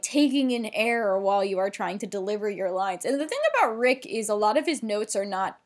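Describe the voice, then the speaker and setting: A woman co-hosting a podcast, recapping a TV episode in casual, chatty talk with lots of fillers and some swearing. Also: medium pitch. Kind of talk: casual chat.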